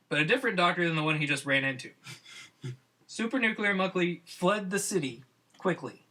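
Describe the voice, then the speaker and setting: A man's voice: on the high side, pushed and bright. A man narrating a comic adventure story on a podcast, often amused by his own tale.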